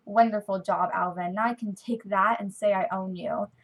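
A woman voicing a cruel, scoffing adult male villain, reading in a slightly lowered, sneering tone. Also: fairly even intonation, moderate pace, close to an everyday voice, rough recording.

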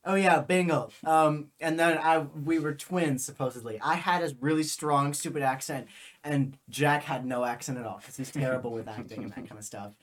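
A man's voice: a little high, fairly even intonation, moderate pace. Rambling young man telling stories. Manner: rambling storyteller, many fillers and restarts. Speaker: podcast co-host. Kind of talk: casual chat.

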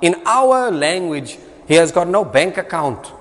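A man with a South African accent preaching a sermon, emphatic and repetitive, his voice swinging between loud and soft. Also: high-pitched, big pitch swings, measured pace, very noisy. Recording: long reverb of a hall.

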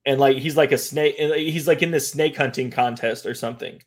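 A young man from the American Midwest, co-hosting a casual podcast and telling stories with lively, acted-out quotes. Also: brisk. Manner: animated storyteller, acts out quotes in a high voice. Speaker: podcast co-host. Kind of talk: casual chat.

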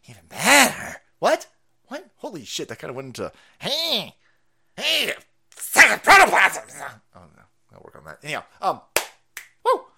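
Bright, animated, swearing stream host. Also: male voice, a little high, normal speed, vocal fry, breathy edge. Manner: profane, mocking, laughs often. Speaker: livestream host. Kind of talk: ranting livestream commentary.

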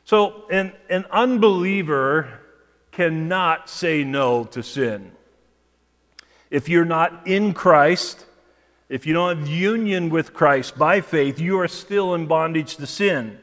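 A pastor preaching a sermon in a measured way, often repeating words as he restarts a phrase. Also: a little high, a bit bright, big-room sound. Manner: measured preaching with frequent word repetitions and restarts. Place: church sanctuary.

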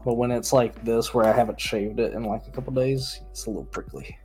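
A man's voice: medium pitch, brisk, a little mellow, soft background music. A man co-hosting a casual group chat, laid-back and laughing often. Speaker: co-host.

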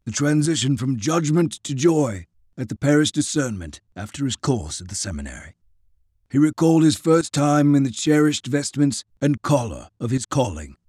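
A male audiobook narrator reads with dramatic, lively swings of pitch. His voice is slightly husky, recorded close and dry. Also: dry recording. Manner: dramatic, expressive reading. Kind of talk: scripted narration.

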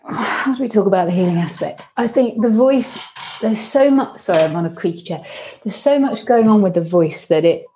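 A woman, a vocal improvisation teacher, talking reflectively and playfully as a podcast guest, sitting on a creaky chair. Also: mid-range voice, normal speed, slight background noise. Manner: expressive, playful, acts out quoted inner voices.

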